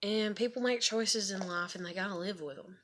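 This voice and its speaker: A woman's voice: medium pitch, moderate pace, noisy background. Rambling young woman with a drawl. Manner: rambling, lots of fillers and asides, swears freely. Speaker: vlogger. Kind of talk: casual storytelling to camera.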